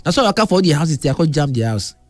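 Middle-aged nigerian pidgin guy telling his story, high voice, dry close mic, faint music behind. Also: very fast, no room sound. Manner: animated, repetitive, acts out quoted lines. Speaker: storyteller in a chat. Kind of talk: casual chat, telling a personal story.

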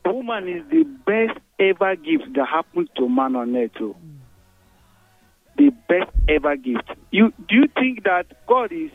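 A man calls in with a high, gravelly voice and speaks emphatically, as if preaching. He comes through a tinny phone line with faint music behind him. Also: no room sound. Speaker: caller. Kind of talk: phone-in opinion.

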